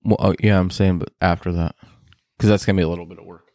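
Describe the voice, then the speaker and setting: Man, podcast co-host, deep voice, jokey and playful banter. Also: steady tone, fast talker, a little mellow, no room sound. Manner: joking, playful. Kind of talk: casual chat.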